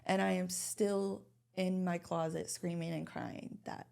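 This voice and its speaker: Gravelly-voiced young woman sharing her story. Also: lowish voice, flat delivery, measured pace, dark tone. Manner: candid, many fillers and restarts, emotional personal story. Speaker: podcast guest. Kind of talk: casual podcast conversation.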